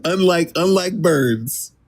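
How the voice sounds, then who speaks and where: A man's voice: a little high, lively intonation, takes it slowly. A man co-hosting a live stream, bantering in a laid-back, teasing way. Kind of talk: casual comedic chat on a live stream.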